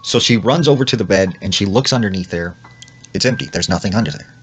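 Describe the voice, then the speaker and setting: A man's voice: fairly low pitch, fast, fairly bright tone, soft background music. A man casually retelling a creepy story, full of "like" and quoted lines. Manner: retells with lots of "like" and acted quotes. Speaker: storyteller in clip.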